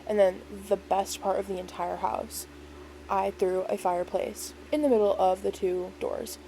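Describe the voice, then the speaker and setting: Mellow-voiced woman rambling casually. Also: medium pitch, fairly even intonation, normal speed, gravelly, slight background noise, rough recording. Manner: rambling, filler-heavy, lots of "like" and "um"; self-deprecating, easygoing. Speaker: game build creator. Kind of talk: casual voice-over walkthrough.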